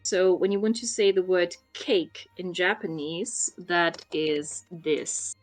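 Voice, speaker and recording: Slow, patient woman explaining. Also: fairly low pitch, steady tone, faint music behind. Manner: patient, teacherly, many ums. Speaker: guest explaining Japanese Christmas. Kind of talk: casual chat.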